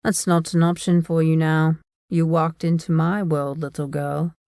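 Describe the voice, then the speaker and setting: A woman reading as a cool, confident young male monster hunter in an audiobook, speaking softly and smugly. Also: low voice, flat delivery, a little slow, dry recording, clean studio sound. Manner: soft, smug, teasing.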